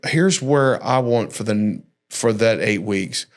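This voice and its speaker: A man's voice: fairly low pitch, takes it slowly. A male pastor chatting casually on a church podcast, folksy and joking. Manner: laid-back, folksy, jokey storytelling.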